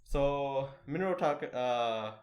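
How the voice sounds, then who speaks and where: A man's voice: medium pitch, unhurried, a little mellow, a little hiss or hum. A young man co-hosting a casual podcast, retelling an anime plot with lots of fillers and restarts, acting out characters' lines as he goes. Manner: rambling, many fillers and restarts, acts out lines in quotes. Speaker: podcast co-host.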